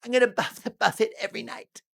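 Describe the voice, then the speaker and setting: A man's voice: high-pitched, animated, fast, gravelly, fairly bright tone, breathy edge, voice pushed up, full character voice. A man voicing a self-obsessed, grandiose social-climbing woman in a mocking put-on drawl. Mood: smug.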